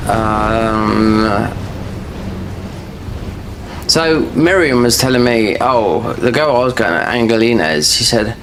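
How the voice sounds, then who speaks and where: Gravelly guy rambling on while gaming, lots of ums, faint noise behind. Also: on the low side, takes it slowly, long pauses. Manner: rambling, full of fillers and restarts. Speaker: gaming streamer. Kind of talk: casual chat while playing a game.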